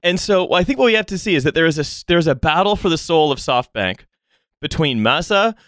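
A man's voice: on the high side, animated, brisk, a bit bright, no echo, clean studio sound. Laughing, swearing male podcast host. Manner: laughs often, swears casually. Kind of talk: casual podcast chat.

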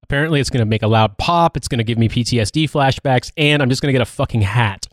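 A man's voice: medium pitch, fast, dry recording, clean studio sound. A man co-hosting a podcast in casual chat, sardonic and profane, rambling through his stories. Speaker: podcast co-host.

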